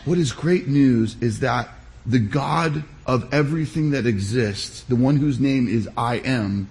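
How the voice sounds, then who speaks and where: A pastor giving a sermon, preaching in a measured, emphatic way with deliberate pauses. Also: male voice, medium pitch, darkish tone.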